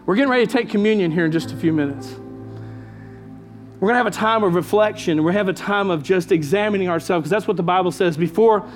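High-voiced man preaching a sermon. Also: quick pace, faint music behind. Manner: emphatic preaching with repeated phrases and call-outs. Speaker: pastor.

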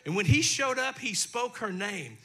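A man's voice: high-pitched, expressive, normal speed, pushed and bright. A male pastor preaching a sermon in a folksy, conversational way, talking directly to his congregation, his throat dry. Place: church sanctuary.

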